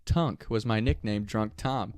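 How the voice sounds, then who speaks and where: A man casually telling a story, animated and profane, often laughing as he talks. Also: lowish voice, measured pace, a crowd in the background.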